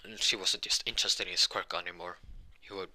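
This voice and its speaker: A man telling an improvised fan story, rambling and halting, with frequent restarts. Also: sits low, steady tone, pushed and bright.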